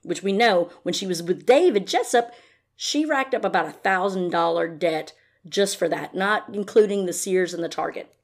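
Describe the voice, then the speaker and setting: A woman hosting a podcast, ranting in casual commentary, blunt and profane, now and then mocking someone in a high put-on voice. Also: moderate pace. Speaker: podcast host.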